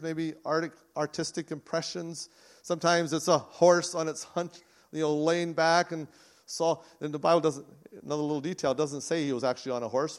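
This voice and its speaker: Earnest man preaching a sermon. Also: a little high. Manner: earnest, with frequent restarts. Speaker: pastor. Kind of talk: conversational sermon.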